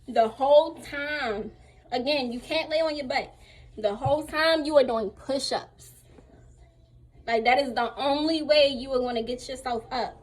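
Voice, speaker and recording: A young woman tells a rambling, animated storytime. She is still a little sore from recovery and speaks casually from home while getting dressed. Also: on the high side. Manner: chatty, animated retelling with acted-out quotes. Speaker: vlogger.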